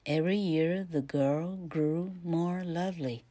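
A woman teacher reads a fairy tale aloud for learners in a careful, measured way. Her voice sits low and she takes her time, pausing between phrases. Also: dark tone. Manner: careful, measured reading with pauses. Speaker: grammar teacher. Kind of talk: bilingual story reading for learners.

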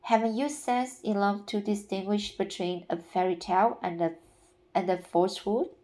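Woman reading as a gentle, imaginative young woman. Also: mid-range voice, fairly even intonation, moderate pace, lightly acted.

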